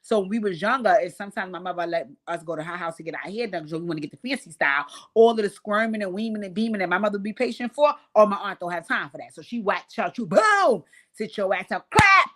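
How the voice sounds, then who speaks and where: A woman hosting a live stream, telling profane stories and talking to viewers in a casual, animated way. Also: mid-range voice, fast talker, few pauses. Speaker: host.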